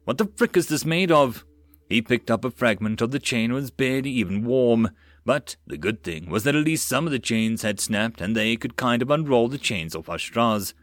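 A man narrating a web novel as an audiobook, steady storytelling. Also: mid-range voice, moderate pace, no room sound.

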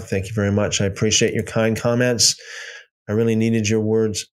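A man leading a casual Bible study, reading passages aloud and commenting with animated repetition. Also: fairly low pitch, moderate pace, smooth. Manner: animated, repeats phrases for emphasis.

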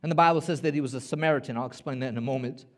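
A man's voice: medium pitch, racing. A man preaching a sermon as pastor, emphatic, repeating words and rallying his listeners.

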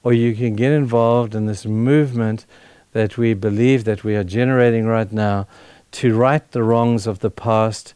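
A man's voice: on the low side, fairly even intonation, normal speed, mellow, clean tone, no echo. A middle-aged man preaching to a church, talking conversationally and building to fervent emphasis. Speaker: guest speaker at a church. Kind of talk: sermon.

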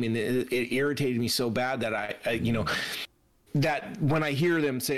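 A man's voice: mid-range voice, expressive, normal speed. Profane, heated man in casual chat. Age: adult, grew up in a scene with youth fights.

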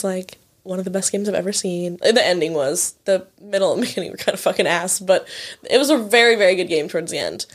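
A young woman in her twenties co-hosts a podcast and chats casually, swearing freely. She tells stories with plenty of filler words and acts out what her friends said. Her voice sits at a middle pitch for a woman. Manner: chatty, swears often, acts out quoted people. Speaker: podcast co-host. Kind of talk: casual chat.

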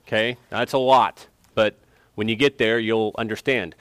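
A man's voice: fairly low pitch, steady tone, normal speed, fairly bright tone, clear, resonant tone, no room sound. A man teaching an interactive Bible lesson, emphatic and quizzing students for answers.

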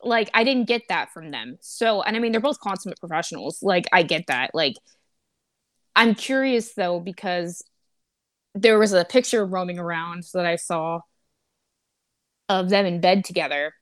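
A woman's voice: lowish voice, expressive, moderate pace, no room sound, studio quality. A woman co-hosting a podcast, chatting casually, gushing and laughing a lot as she acts out her own reactions. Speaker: podcast co-host. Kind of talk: casual chat.

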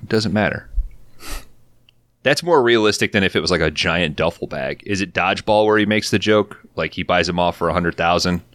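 A man's voice: sits low, brisk, no echo. A man co-hosting a podcast, telling stories in casual, profane chat. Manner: profane, storytelling, animated quotes. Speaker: podcast co-host. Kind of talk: casual chat recapping a show.

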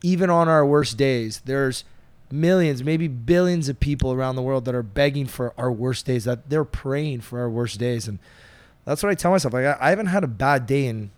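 A man hosting a podcast, an animated storyteller who swears casually. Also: medium pitch, moderate pace, dry recording. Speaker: podcast host. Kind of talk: casual chat.

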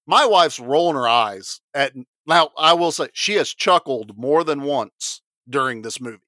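Man, forties, podcast co-host, casual movie chat, lively swooping pitch, bright, dry sound. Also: a little slow, no room sound. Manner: animated, laughs easily.

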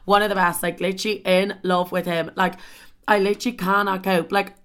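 Animated woman telling a dating story. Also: medium pitch, brisk. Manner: animated, swears a lot, heavy filler "like". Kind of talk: casual storytime monologue.

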